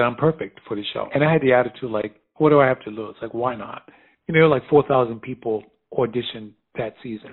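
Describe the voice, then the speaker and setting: A middle-aged man from the United States telling stories in a casual conversation, animated and quick to laugh, acting out the voices of people he quotes. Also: medium pitch, slightly rough. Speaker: fashion designer guest. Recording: phone-like narrow sound.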